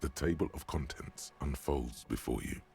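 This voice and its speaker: A man voicing a wry, deadpan narrator in a detective video game, with a dry, sardonic delivery. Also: a bass voice, moderate pace, husky, no room sound, faint music behind, heavily acted.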